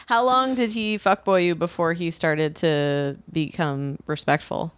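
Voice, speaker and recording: A woman co-hosting a podcast, talking casually and chiming in often with quick agreement. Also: low-pitched, steady tone, smooth, dry recording. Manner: chatty, quick agreeing interjections. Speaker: podcast co-host. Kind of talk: casual chat.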